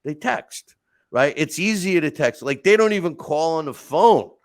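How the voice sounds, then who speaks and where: A man hosting a podcast, talking through casual stories and rants in an animated way with lots of restarts. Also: fairly high pitch, normal speed, dry recording. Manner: animated storytelling, frequent restarts and asides. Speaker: podcast host. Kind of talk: casual monologue.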